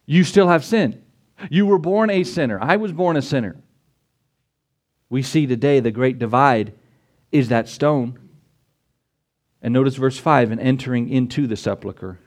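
A middle-aged man preaching a sermon, animated and storytelling, with excited peaks. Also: medium pitch, normal speed, long pauses. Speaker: pastor.

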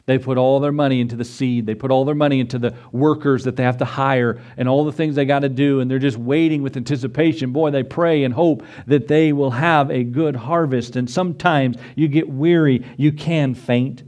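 A middle-aged pastor giving a sermon, climbing to a high, urgent pitch as he presses his points and briefly acts out the voices of biblical figures. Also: steady tone, moderate pace, hardly any pauses, a little mellow.

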